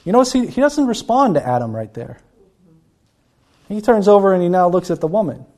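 A man's voice: high-pitched, big pitch swings, a little fast, a little mellow. A man preaching a Bible-teaching sermon, earnest and often repeating words as he acts out the people he quotes.

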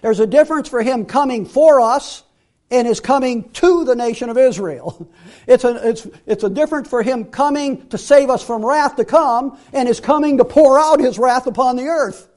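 A man giving a Bible teaching sermon, emphatic, repeating key phrases and dropping to quiet asides. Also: very high-pitched, normal speed.

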